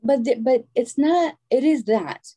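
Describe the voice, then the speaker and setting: A woman's voice: high voice, unhurried, dark tone, breathy edge. A middle-aged woman from Albania, talking as a guest in a casual conversation and telling stories frankly and with animation.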